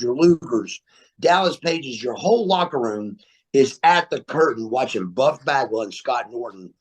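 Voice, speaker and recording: A man guesting on a podcast, telling stories in an animated way, repeating words and laughing as he goes. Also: mid-range voice. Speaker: guest, former wrestler. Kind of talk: storytelling interview. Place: remote interview, podcast.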